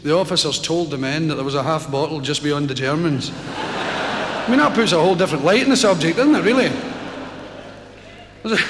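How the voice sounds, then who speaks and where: A man's voice: a little high, fairly bright tone, slight background noise. A man in his thirties with a Scottish accent, telling stand-up stories to a live crowd and bantering with it. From Scotland. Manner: broad, rowdy, bantering with the crowd. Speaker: stand-up comedian. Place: large concert hall, live. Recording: echoey live concert hall recording. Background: audience.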